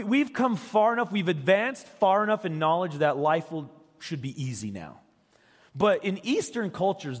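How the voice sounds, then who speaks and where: A man's voice: on the high side, in a large hall. A man preaching a sermon as a pastor, telling stories in a conversational way and asking rhetorical questions. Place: church.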